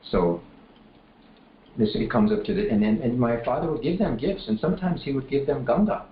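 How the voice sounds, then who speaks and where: A man's voice: mid-range voice, a little fast. A man telling devotional stories at a class in a loose, rambling way, full of fillers and restarts. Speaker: speaker at a temple class. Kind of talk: casual storytelling class. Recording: roomy echo, dull lo-fi, faint room noise.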